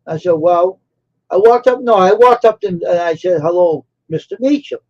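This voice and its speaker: A man's voice: sits high, very animated, normal speed, a little mellow. A man hosting a live stream, telling a personal story in a casual, rambling way and repeating phrases for emphasis. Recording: dull lo-fi stream audio.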